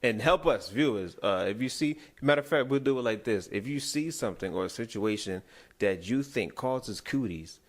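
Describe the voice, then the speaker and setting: A man's voice: medium pitch, expressive, moderate pace. A man co-hosting a comedy podcast, telling a rambling story in casual chat, full of restarts. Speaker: podcast co-host.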